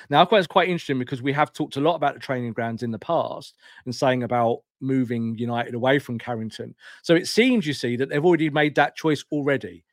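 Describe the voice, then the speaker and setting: Animated man in casual football chat. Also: medium pitch, fast talker, no room sound, clean studio sound. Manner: animated, rambling, laughs while retelling. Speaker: podcast co-host.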